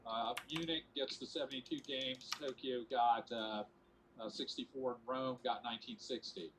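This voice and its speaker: A man with a mid-range voice lays out dates and facts in a steady, matter-of-fact way on a podcast. He fills in with the odd "uh" over a faint background hiss. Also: mid-range voice, moderate pace, rough recording. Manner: factual, steady, with fillers. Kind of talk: casual informative chat.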